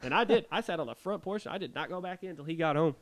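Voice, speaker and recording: A man's voice: fairly high pitch, very fast. Man casually telling eerie stories. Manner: rambling, animated retelling of eerie personal experiences. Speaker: podcast co-host. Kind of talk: casual storytelling.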